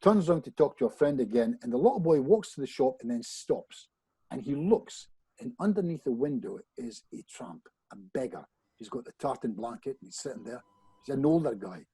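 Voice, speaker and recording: A man's voice: medium pitch, a little fast, slightly rough, dry recording, low-quality recording. A man who is a hypnotist guest on a podcast tells a personal anecdote, restarting phrases and speaking straight to the host. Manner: animated storyteller who often restarts phrases and addresses the host directly. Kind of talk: storytelling anecdote in a podcast chat.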